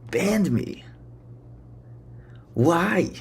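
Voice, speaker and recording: A man's voice: on the high side, very animated, drawn-out words, husky. A man ranting sarcastically on a livestream, swearing and mocking his audience. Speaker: streamer.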